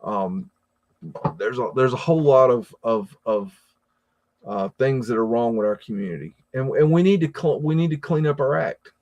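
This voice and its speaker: An American man hosts a live stream, chatting casually and reading out viewer comments. His delivery rambles and halts, full of repeated words and fillers. His voice is medium-pitched with a darkish tone, and the audio sounds dull.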